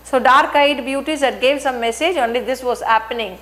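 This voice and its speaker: A woman's voice: high voice, fairly quick, a bit bright. A woman English teacher who reads a textbook story aloud and retells each sentence in simple words, with frequent restarts and fillers.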